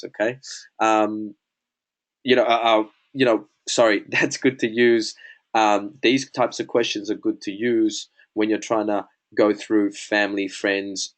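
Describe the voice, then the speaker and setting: A man giving a casual sales lesson, chatty and full of "bro" and "man", acting out sample conversations. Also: mid-range voice. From Australia. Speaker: sales coach. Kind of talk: casual teaching talk.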